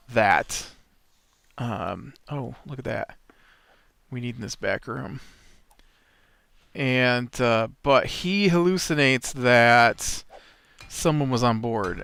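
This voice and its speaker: A man's voice: mid-range voice, fairly bright tone, clear, resonant tone. A man hosting a let's play, chatting casually over gameplay in a rambling, nitpicky way with many fillers.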